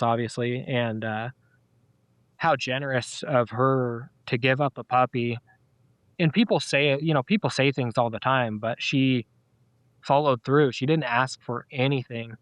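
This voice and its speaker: Middle-aged man, podcast guest, rambling storyteller with lots of "uh"s and restarts; smooth voice, dry close sound. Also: medium pitch, fairly bright tone, no room sound. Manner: rambling, with many fillers and restarts. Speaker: podcast guest, dog owner. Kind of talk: casual storytelling interview.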